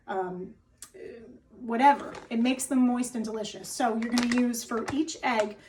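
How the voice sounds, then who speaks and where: A woman's voice: a little high, a little mellow, far from the mic, rough recording. A woman with a New Jersey accent chatting to camera as she demonstrates a recipe at home, often checking in with "okay?". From New Jersey, USA. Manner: chatty, keeps tagging lines with "okay?". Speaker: wellness cooking host. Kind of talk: casual cooking demo to camera. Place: home kitchen, indoors.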